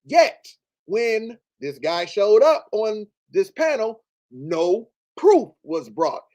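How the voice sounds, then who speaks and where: A man's voice: high-pitched, sing-song, slow pace, darkish tone. A man hosting a commentary show, reading out text messages and answering them with emphatic repetition and rhetorical questions. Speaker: show host.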